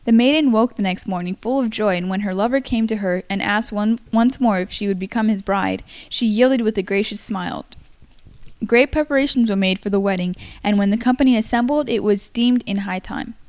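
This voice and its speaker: A woman's voice: mid-range voice, a little fast, darkish tone. A young woman reading a folktale aloud in a casual way, often stumbling over words and apologizing. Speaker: amateur story reader.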